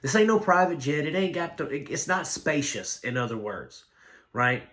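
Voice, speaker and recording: A man giving a casual spoken film review, blunt and rambling, with animated complaints. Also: fairly high pitch, normal speed. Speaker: movie reviewer.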